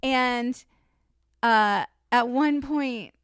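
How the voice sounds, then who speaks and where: A woman's voice: fairly high pitch, very slow, smooth, no room sound, studio quality. A woman co-hosting a podcast, telling a rambling story in casual chat, with lots of "like". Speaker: podcast co-host.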